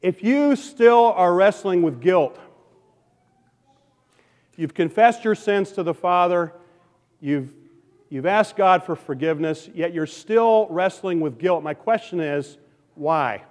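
A male pastor preaching a sermon, swinging from loud emphatic questions to soft, hushed appeals. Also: high-pitched, slow pace, pauses often, in a large hall.

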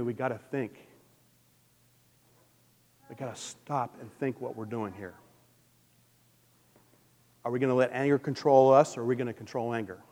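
A man preaching a sermon as pastor, earnest and personal, swinging between loud emphasis and a soft, gentle hush. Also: mid-range voice, long reverb tail.

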